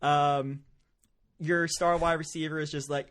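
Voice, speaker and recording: A man's voice: a little high, a little slow, clear, resonant tone. A man hosting a podcast, telling stories in casual chat, swearing often and laughing as he goes. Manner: profane, laughing, animated storytelling. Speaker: podcast host.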